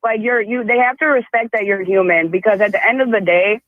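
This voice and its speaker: A woman's voice: mid-range voice, fairly quick, dry recording. A woman calling in to a radio show, earnestly and insistently backing the host. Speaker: caller. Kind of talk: phone-in call. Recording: tinny phone line.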